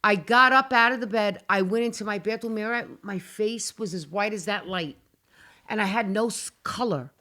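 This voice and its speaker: A woman's voice: medium pitch, moderate pace, sharp tone. A middle-aged woman on a talk show, animatedly telling a dramatic personal story and swearing now and then. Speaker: guest. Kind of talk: casual storytelling.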